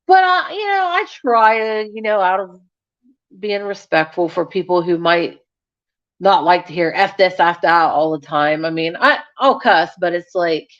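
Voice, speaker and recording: A woman's voice: on the low side, animated, moderate pace, a bit bright. Chatty, scattered woman streamer. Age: young adult. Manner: scattered, chatty, frank, laughs often. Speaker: YouTube channel host. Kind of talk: casual live-stream chat with viewers. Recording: dull lo-fi sound.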